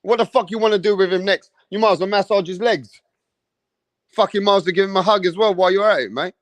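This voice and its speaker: An English man rants about boxing in an animated, profane, comedic way, swearing constantly and dropping into mocking impressions. His voice sits fairly high for a man, and the recording is dry and close. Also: quick pace, no room sound. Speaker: boxing commentator.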